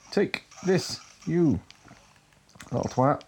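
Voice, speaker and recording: This retro-game player has a lowish, dark-toned voice, animated but measured in pace, with a little hiss or hum in the recording. He keeps up casual let's-play commentary full of profanity, muttering to himself and repeatedly swearing at enemies.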